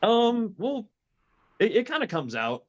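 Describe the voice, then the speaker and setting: Twenties guest, easygoing Southern-Midwestern mix, slightly muffled audio. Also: male voice, high-pitched, huge pitch swings, unhurried. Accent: mixed Southern and Midwestern. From Indiana, raised on the Gulf Coast. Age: 20s. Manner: easygoing, self-deprecating, hesitant fillers. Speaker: guest, band member. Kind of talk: casual chat.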